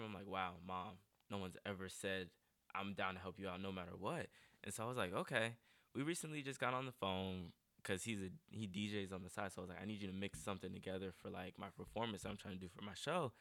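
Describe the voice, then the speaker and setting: A man's voice: sits low, fast talker, a bit bright, dry recording. A young adult man from North Carolina, a guest artist in a casual interview, talking earnestly and emotionally with lots of "like". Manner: earnest, emotional, heavy use of "like".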